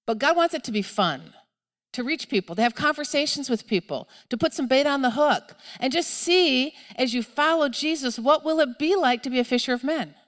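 A middle-aged woman preaching a sermon in a church, telling a story in a chatty way and shouting when she acts out a moment of panic. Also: sits high, moderate pace. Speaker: pastor. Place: church sanctuary. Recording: long hall reverb.

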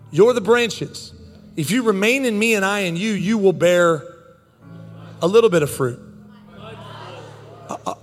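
A man in his thirties preaching a sermon, telling a funny story in animated, joking bursts. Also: fairly high pitch, big-room sound. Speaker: pastor.

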